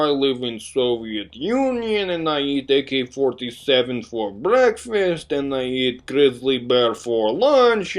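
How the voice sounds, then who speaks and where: A man voicing a stern, unsmiling male Russian soldier medic in slow, broken English with a mock Russian accent. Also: on the high side.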